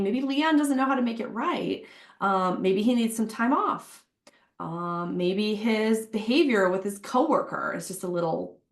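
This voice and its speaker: Woman, HR workshop presenter, chatty and casual, fillers, echoey room. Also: mid-range voice. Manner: chatty, acts out quotes, frequent fillers.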